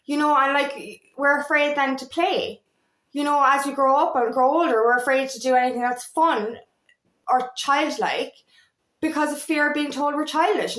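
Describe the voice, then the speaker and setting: A woman's voice: high-pitched, normal speed, fairly bright tone, echoey room. A woman in her thirties, a feminine empowerment coach, talking candidly to camera in a rambling way, with many fillers and restarts. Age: 30s. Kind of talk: personal monologue to camera.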